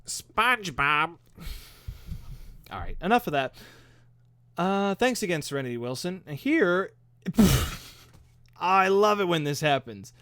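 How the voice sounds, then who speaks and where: A man's voice: high voice, big pitch swings, measured pace, pauses often, fairly bright tone, smooth, dry recording. A man hosting a live stream, chatting casually and upbeat as he answers viewer comments into a microphone. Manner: chatty, upbeat and self-deprecating. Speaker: host. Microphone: studio microphone.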